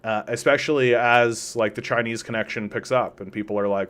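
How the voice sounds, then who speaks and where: A man's voice: mid-range voice, fairly even intonation, brisk, fairly bright tone. A man hosting an unscripted political commentary stream, talking casually and rambling, reading chat comments and acting out imagined quotes in mocking voices. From Canada.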